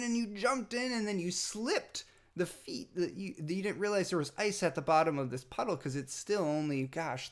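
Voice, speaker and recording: A father with a fairly high voice speaks tenderly to his toddler son in a heartfelt message. His delivery halts with many pauses and fillers, at times sinking almost to a whisper.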